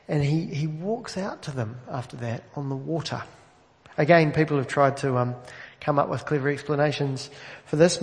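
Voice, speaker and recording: Man preaching in a reverberant church. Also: on the high side. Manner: conversational, asks the congregation direct questions. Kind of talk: sermon. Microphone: amplified microphone. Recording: long reverb of a large hall.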